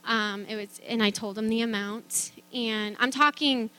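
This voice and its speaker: A woman's voice: fairly high pitch, steady tone, unhurried, sharp tone, clear, resonant tone. A middle-aged woman telling a personal faith testimony in a chatty way, with many fillers, restarts and easy laughter. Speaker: speaker sharing a faith testimony.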